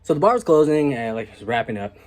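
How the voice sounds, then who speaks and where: A young man vlogging, telling a story casually and with animation, often dropping to hushed asides. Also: medium pitch, big pitch swings, quick pace.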